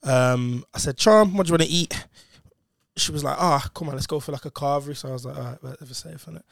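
Slangy man telling a story, higher voice. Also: fast, vocal fry, no echo, clean studio sound. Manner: slangy, swears, acts out what others said. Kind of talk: casual story time chat.

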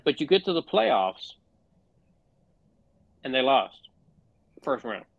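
A man's voice: mid-range voice, sing-song, slow, vocal fry, slightly rough, no room sound, lo-fi sound. Profane fired-up man. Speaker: podcast co-host. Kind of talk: casual sports podcast chat.

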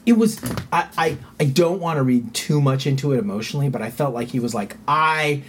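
A man's voice: medium pitch, quick pace, darkish tone, a little hiss or hum. A middle-aged man telling a personal story in frank, casual conversation, swearing freely and livening up when he quotes people.

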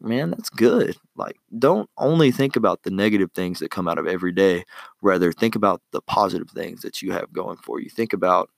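A man's voice: low-pitched, no room sound, clean studio sound. A young man giving casual life tips in a laid-back, rambling way, full of fillers and slang. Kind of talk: casual advice monologue.

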